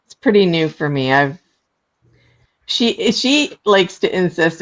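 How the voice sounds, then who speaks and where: A woman's voice: fairly low pitch, animated, slow, pauses often, muffled recording. A woman chatting casually on a livestream, telling stories in an easygoing, matter-of-fact way. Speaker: livestream co-host. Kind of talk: casual chat.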